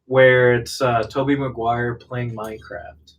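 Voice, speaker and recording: A man's voice: mid-range voice, little pitch movement, a little slow. A man in a casual chat, talking hesitantly with many fillers. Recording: distant mic with faint noise.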